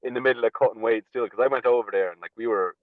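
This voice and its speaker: A man's voice: medium pitch, rapid-fire, dry recording. An Irish man, a podcast guest, telling stories in a casual, blunt way, swearing freely and chuckling as he goes. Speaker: podcast guest, slap fighter. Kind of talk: casual storytelling chat. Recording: tinny phone-like line, dry.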